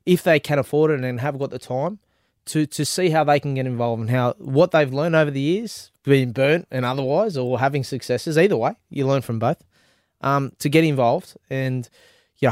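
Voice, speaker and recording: A man's voice: mid-range voice, brisk, darkish tone, no room sound, clean studio sound. A man, a youth club manager, speaking as a podcast guest in casual chat, earnest and hesitant with many ums.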